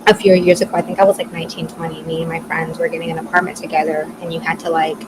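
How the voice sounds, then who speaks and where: A woman's voice: low voice, little pitch movement, racing. A woman in her twenties telling a personal story on a casual podcast chat, talking loosely with lots of "like" and the odd swear word. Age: 20s. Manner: chatty, peppered with "like", swears freely. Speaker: podcast co-host. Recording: noisy background hiss.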